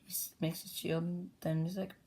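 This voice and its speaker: A woman excitedly retelling the story of her own comic journal in a rambling, casual way, jumping into brief character voices. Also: fairly low pitch, normal speed, creaky, background noise.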